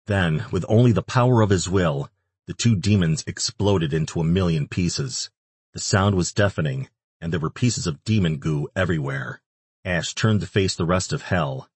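Deep husky guy narrating a story, steady pace, dry sound. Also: normal speed, no room sound. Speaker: audiobook narrator. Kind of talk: scripted narration.

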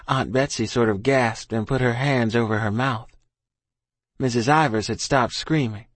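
A man's voice: medium pitch, normal speed, dry recording. Guy reading a first-person story, folksy and earnest, dead dry sound. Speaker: audiobook narrator.

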